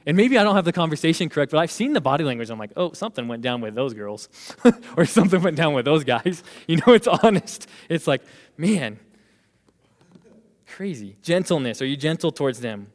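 A young man in his twenties preaching a lively sermon as a youth pastor, laughing now and then and acting out what people say. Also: a little high, fairly quick. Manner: animated, laughs while preaching, acts out quoted voices. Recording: long hall reverb.

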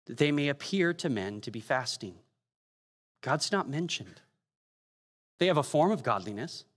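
A man preaching a sermon, telling stories with humor and quick asides. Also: medium pitch, fairly bright tone. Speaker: pastor. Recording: long hall reverb.

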